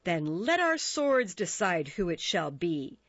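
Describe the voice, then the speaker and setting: A harsh young swordsman who sneers and threatens, as a woman reading a story puts him on. He speaks with deliberate, jeering menace. The recording is dry and a little dull. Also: on the low side, expressive, a bit bright, no room sound, full character voice. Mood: menacing.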